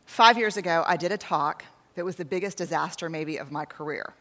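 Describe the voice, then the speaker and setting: On a large hall stage, a Texan woman in her forties, a researcher and speaker, tells a self-deprecating story during a conversational keynote, acting out snippets of dialogue. Her voice is low-ish, brisk and slightly bright, and the hall adds heavy reverb.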